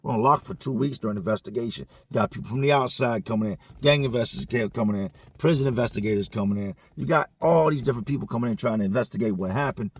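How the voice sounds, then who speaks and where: A man's voice: mid-range voice, quick pace, few pauses, slightly rough. A man telling a story casually, in profane, slangy conversational speech.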